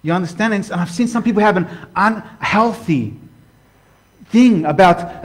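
High-voiced animated male preacher. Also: unhurried. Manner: animated, talks to viewers as "guys", acts out quoted voices. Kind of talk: casual sermon to camera.

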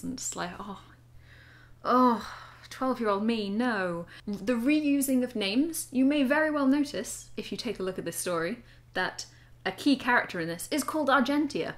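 A woman's voice: mid-range voice, lively intonation, measured pace, a bit bright. A young woman reading her teenage fiction aloud and mocking it with wry, laughing asides. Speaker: vlogger reading her old writing. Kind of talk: casual vlog commentary.

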